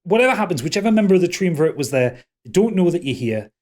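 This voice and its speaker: Nervy cussing innkeeper guy, higher and louder than usual as the gm puts him on. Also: very animated. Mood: warning. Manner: panicky, cursing, rushed warnings. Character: jittery middle-aged male tavern keeper, swears a lot.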